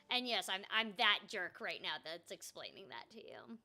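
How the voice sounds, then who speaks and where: A woman's voice: mid-range voice, very animated, a little slow, bright, forceful tone, faint music behind. A woman voice actor streaming a video game, chatting casually and animatedly with frequent ums and self-mocking asides. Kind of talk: casual gameplay chat.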